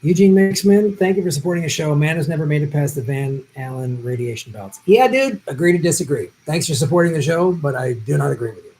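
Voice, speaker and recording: A man hosts a casual live stream from home, easygoing and quick to laugh as he answers viewers. His tone is mellow and his voice is tiring after a long session. A faint hum of noise sits behind him. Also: fairly high pitch, expressive, rough recording.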